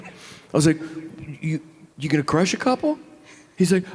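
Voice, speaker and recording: Middle-aged guy swearing his way through a story on stage, high-ish voice, big echoey hall. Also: moderate pace, long pauses. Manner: animated, profane, acts out both sides of the story. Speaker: convention panel guest. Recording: hall reverb from a convention stage.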